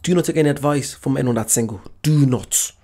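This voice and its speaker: A man's voice: mid-range voice, fairly quick, warm tone. A man giving casual, emphatic reaction commentary and repeating his points. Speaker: YouTube reaction host.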